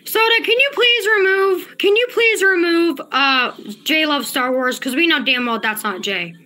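A woman's voice: sits high, moderate pace, sharp tone. A woman livestreaming and talking to her chat, agitated and profane, often repeating herself. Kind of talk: casual livestream chat, reading chat.

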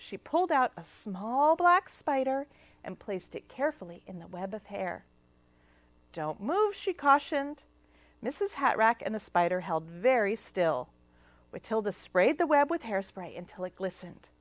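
A woman's voice: mid-range voice, sing-song, moderate pace, no echo. A woman telling a children's story at library storytime, reading expressively. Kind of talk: children's storytime read-aloud.

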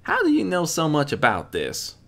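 A man's voice: medium pitch, wildly swooping pitch, moderate pace, fairly bright tone, voice pushed up, heavily acted. A man voicing a spirited, tough country mare pony who talks bluntly and demands answers.

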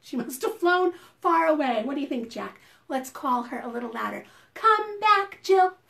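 A woman children's librarian leads a preschool storytime, reading and chanting rhymes in an animated, sing-song style. Her voice sits high with vocal fry, at a normal speed.

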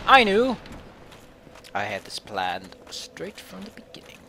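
An animated let's play host giving joking commentary over gameplay. The pitch swings wildly, and the voice jumps between loud outbursts and mumbled asides. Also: slow, gravelly, pauses often, slightly rough.

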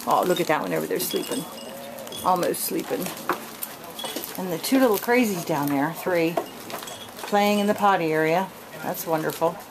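A woman's voice: moderate pace, long pauses. Woman cooing baby talk at puppies. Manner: high sing-song baby talk to puppies. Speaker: dog breeder. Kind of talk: casual home video narration. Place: indoor room at home with puppies. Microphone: handheld camera mic. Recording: noisy home camcorder recording.

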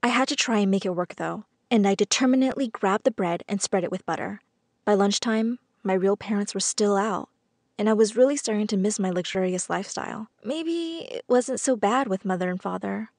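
A woman reading a scripted first-person story as narrator, in a measured, earnest storytelling manner. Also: mid-range voice, darkish tone, no echo, studio quality.

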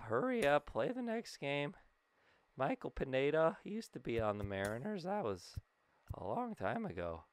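A young man giving casual, excitable commentary while playing a video game, talking to himself and his player. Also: a little high, vocal fry, no room sound. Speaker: gaming YouTuber.

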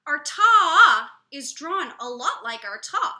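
A woman music teacher giving a slow, clear, encouraging lesson to young children. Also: sits high, very animated, sharp tone, reverberant.

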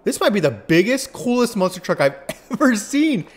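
A man's voice: high voice, big pitch swings, moderate pace. A man playfully talking through a farming video game with his young son, laughing and teasing as he plays. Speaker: gaming channel host, playing with his son. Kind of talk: casual gaming commentary.

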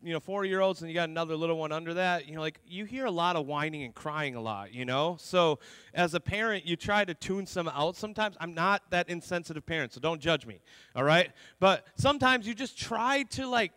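A man's voice: fairly high pitch, expressive, fairly quick, bright, forceful tone, clean tone, no room sound, long reverb tail. A young adult man preaching a conversational sermon as pastor in a church, repeating words and dropping in many "you know"s. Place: church sanctuary.

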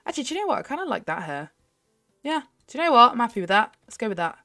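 A young woman host chatting excitedly as she plays a game, often laughing. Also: a little high, racing, no echo, clean studio sound, faint music behind. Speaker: gaming channel host. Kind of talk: casual gameplay commentary.

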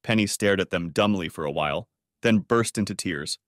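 A man narrates an audiobook story in a steady, expressive way. His voice sits low. The close-miked recording is dry, with no room sound. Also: normal speed, no echo.

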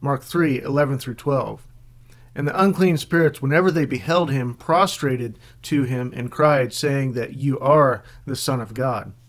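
Man reading scripture in a measured voice. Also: medium pitch. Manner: measured, reads scripture aloud. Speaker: Bible teacher. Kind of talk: scripted teaching narration.

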